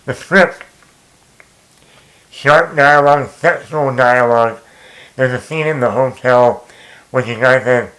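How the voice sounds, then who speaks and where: A young man talks through a film review in a loose, rambling way, often stumbling over his words and starting over. His voice sits in an ordinary middle pitch, and he perks up for quick excited asides. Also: low-quality recording. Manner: rambling, repeats and restarts words, animated asides. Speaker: movie review host. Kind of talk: casual spoken movie review.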